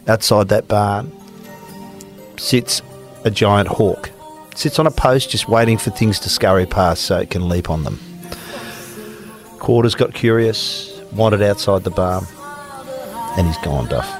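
A middle-aged Australian man co-hosting a sports podcast, telling stories with emphatic repetition and casual banter. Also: fairly low pitch. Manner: storytelling, emphatic, repeats himself. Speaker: podcast co-host.

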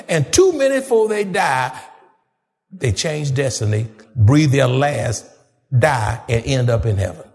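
A man preaching a fervent sermon, rising to shouts and calling on the congregation to answer back. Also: medium pitch, very animated, unhurried, creaky, in a large hall. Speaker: pastor.

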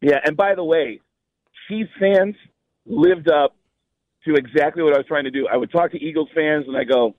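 A stand-up comedian, a man from New York, telling lively stories on a talk show and acting out the people in them. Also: a little high, normal speed, dull audio. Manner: lively storyteller, voices the people in his anecdotes. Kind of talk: animated storytelling on a talk show.

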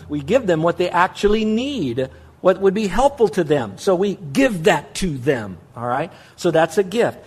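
Emphatic male pastor with a higher voice. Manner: emphatic, repeats key words, asks and answers his own questions. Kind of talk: sermon.

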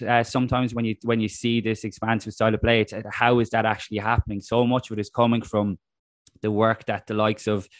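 A man's voice: lowish voice, dry recording, studio quality. A young man, a rugby writer, talking in a rambling casual way with many restarts. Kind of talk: casual podcast chat.

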